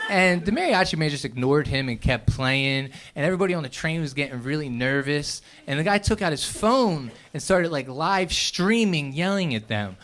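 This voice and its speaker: A young man doing a stand-up set in a comedy club, telling stories with animated voices and sudden loud outbursts. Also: a little high, a little fast, few pauses.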